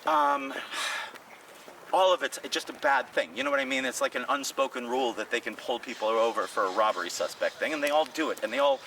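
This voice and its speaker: A man's voice: medium pitch, fairly quick, gravelly, recorded from a distance, slight background noise, low-quality recording. A comedian telling stories in casual talk on a city walk, acting out the voices of the people he quotes. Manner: animated, acts out quoted voices. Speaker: comedian and podcast co-host. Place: outdoors on city streets.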